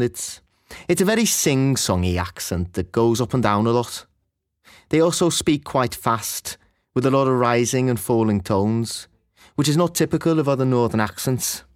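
A man with a Liverpool Scouse accent talks through the sounds of his speech in a scripted explainer. His voice sits at a middle pitch and the recording is close and dry, with no room sound, and he lifts into a sing-song lilt when he reads out the example phrases. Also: dry recording. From Liverpool, England. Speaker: accent presenter.

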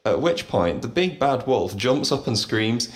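A man's voice: mid-range voice, big pitch swings, unhurried. Man narrating short funny stories. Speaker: storyteller. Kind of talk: scripted story narration for English learners.

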